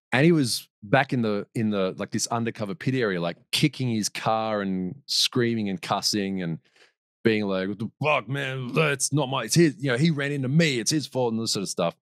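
A man's voice: mid-range voice, no echo. Man telling stories, dry close sound. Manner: rambling, with restarts and laughs. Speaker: podcast guest. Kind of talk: casual storytelling.

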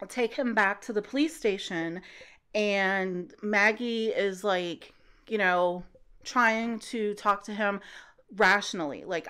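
A woman hosting a casual book-recap podcast, talking loosely with many fillers and acting out the characters' lines in quick put-on voices. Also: mid-range voice, fairly bright tone, clean tone.

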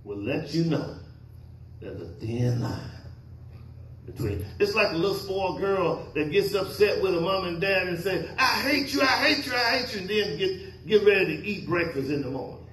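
A man's voice: fairly high pitch, normal speed, a little hiss or hum. A male pastor preaching a sermon, questioning his congregation and waiting for answers. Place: church sanctuary. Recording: echoey church hall.

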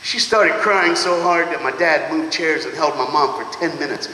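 A man giving a motivational speech to students, animated, calling out to the crowd, laughing often and swinging from loud to hushed. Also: on the high side, normal speed, slight background noise. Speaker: motivational speaker. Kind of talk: school assembly motivational speech. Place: large school auditorium or gym. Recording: echoey hall with long reverb.

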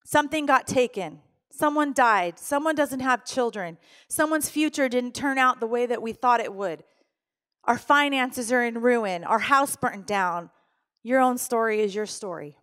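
A woman's voice: on the high side, unhurried, a bit bright. Woman pastor preaching, emotional storytelling. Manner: emotional storytelling, acts out her own pleading prayers. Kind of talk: sermon.

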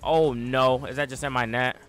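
Excitable man calling his own gameplay. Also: medium pitch, normal speed, soft background music. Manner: excitable play-by-play, sudden loud yells. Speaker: gaming YouTuber. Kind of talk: live gameplay commentary.

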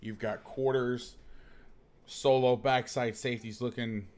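A man's voice: mid-range voice, measured pace. A man hosting a casual football film breakdown, talking like a coach and cracking jokes. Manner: joking, animated coach talk. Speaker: host breaking down game film.

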